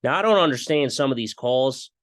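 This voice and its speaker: Excitable young man calling game replays. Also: medium pitch, fairly quick, no room sound. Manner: excitable, mimics broadcast calls, repeats stock phrases. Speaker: fan video commentator. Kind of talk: casual play-by-play game breakdown.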